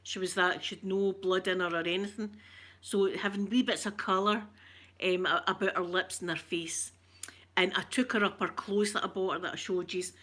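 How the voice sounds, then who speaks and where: A woman's voice: mid-range voice, fairly even intonation, normal speed, a bit bright. A Scottish woman telling a rambling, emotional story in casual chat and greeting viewers as she goes. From Scotland. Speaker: vlogger talking to viewers.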